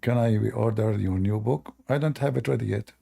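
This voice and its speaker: A man's voice: lowish voice, moderate pace, vocal fry, dark tone, husky. A man talking casually as a religious commentator, answering viewer questions in a rambling way with many fillers. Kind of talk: casual livestream chat.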